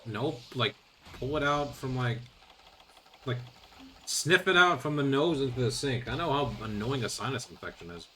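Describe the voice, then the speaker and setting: A man's voice: medium pitch, expressive, normal speed, bright, forceful tone, a little hiss or hum. A man streaming a video game, commenting casually with sarcastic grumbles and mild swearing.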